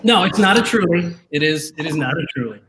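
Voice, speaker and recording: A man's voice: a little high, lively intonation, brisk, background noise. A man hosting a live drinking show, joking and teasing his co-hosts with lots of energy. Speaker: podcast host. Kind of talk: live-stream casual chat. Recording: echoey room.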